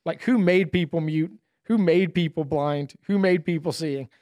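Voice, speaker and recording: A man's voice: on the high side, normal speed, darkish tone, no room sound, studio quality. A man co-hosting a podcast in casual conversation, thoughtful and often repeating words as he starts his sentences.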